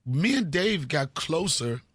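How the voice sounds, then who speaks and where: Man, 50s, from D.C., comedian guest, animated storyteller, husky, dry close sound. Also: fairly high pitch, slow, no room sound. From Washington, D.C. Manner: animated, profane, acts out scenes. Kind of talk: casual storytelling interview.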